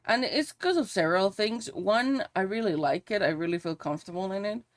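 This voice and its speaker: A woman's voice: mid-range voice, expressive, fairly quick, dry recording, clean studio sound. A woman streamer chatting casually while she draws on a live stream, swearing freely and singing along to songs now and then.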